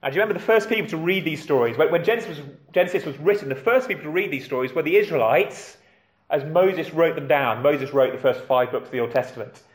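A man's voice: a little high, quick pace, roomy sound. A man preaching a sermon in a conversational way, with rhetorical questions and questions put to the children.

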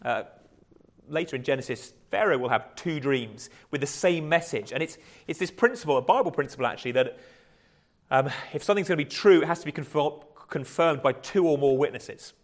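A man's voice: fairly high pitch, lively intonation, brisk. A man preaching a conversational sermon, often restarting words and chuckling lightly.

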